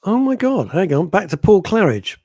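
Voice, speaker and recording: Animated husky male radio host. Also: sits high, normal speed, no room sound. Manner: animated, jokey, laughs often. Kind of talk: casual radio chat. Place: radio studio.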